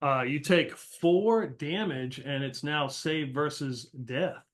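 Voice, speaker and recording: A man with a slightly high voice narrates as game master of a tabletop role-playing game. His speech is loose and halting, full of fillers and restarts.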